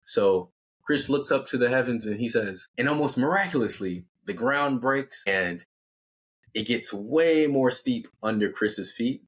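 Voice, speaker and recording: Husky-voiced male storyteller. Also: medium pitch, a little slow. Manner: conversational, animated, acts out characters. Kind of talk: casual spoken storytelling.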